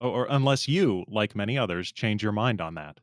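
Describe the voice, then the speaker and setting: A man reading the part of a pompous, self-important male Discord regular, delivering it earnestly with slowed, drawn-out endings. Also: on the low side, animated, no room sound, clean studio sound, close to an everyday voice.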